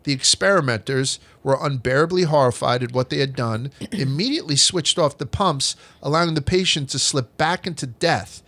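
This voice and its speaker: In a mid-range, slightly bright voice, a man hosts a comedic history podcast, moving at a normal speed with hardly a pause. He is a profane, joking storyteller, lacing old stories with crude jokes and swearing.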